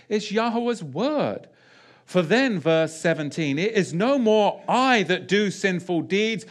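Animated man preaching a sermon. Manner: animated, pitch swings widely, asks the audience rhetorical questions. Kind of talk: sermon teaching.

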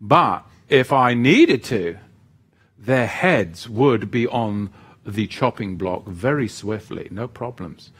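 A man teaching on a live stream and reading viewers' comments aloud. He talks in a feisty, teasing way, jumping from loud outbursts to soft asides, and leads a prayer. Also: fairly low pitch, animated, slow, husky. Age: parent of children living at home.

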